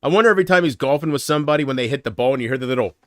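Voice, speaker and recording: A man chats on his home livestream in a loose, rambling way, cracking jokes and laughing at them. His voice sits at an ordinary pitch. The sound is dry and close, from a desk mic in a small room. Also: rapid-fire, dry recording. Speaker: livestream host. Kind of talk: casual livestream chat.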